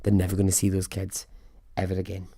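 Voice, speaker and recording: A man's voice: low-pitched, monotone, quick pace, warm tone, no room sound, studio quality. Chatty man telling a story. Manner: chatty, wry, laughs at his own asides. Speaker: podcast host. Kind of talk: casual storytelling.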